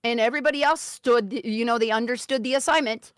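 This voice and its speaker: A woman guest telling a personal health story in casual talk, earnest and emphatic, sometimes turning soft and serious. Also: a little high, quick pace, smooth, no room sound, clean studio sound.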